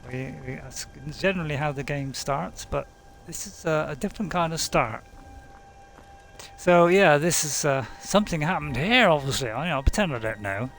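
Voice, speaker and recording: A man talks his viewers through a game in an easygoing, rambling way, full of fillers and asides. His voice sits a little high for a man, with faint game music underneath. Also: expressive, moderate pace, fairly bright tone. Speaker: game streamer. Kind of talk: casual let's-play commentary.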